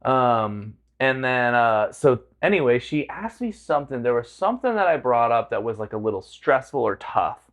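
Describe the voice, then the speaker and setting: A man's voice: mid-range voice, moderate pace, few pauses. A man hosting a podcast, telling a story in casual chat and acting out the quotes as he laughs. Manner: animated, acts out quotes, laughs often. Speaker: podcast host.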